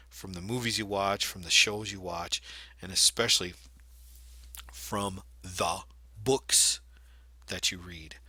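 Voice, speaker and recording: A man teaches a reading lesson for video, explaining each point and sometimes showing it by reading aloud. His voice sits a little low but rings very bright and forceful. The recording is dry, with no room echo.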